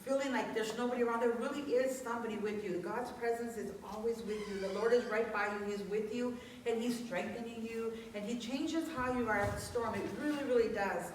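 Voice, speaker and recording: A woman with a fairly high voice preaches in a chatty, earnest way, often restarting her sentences. She sounds far from the mic in a very echoey church hall, with faint noise underneath. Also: a little fast, hardly any pauses. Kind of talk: conversational sermon.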